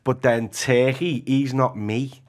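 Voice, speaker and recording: A young man with a Liverpool accent, a comedian guest chatting casually, animated and laughing often as he jokes. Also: mid-range voice, slow pace. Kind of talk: casual chat.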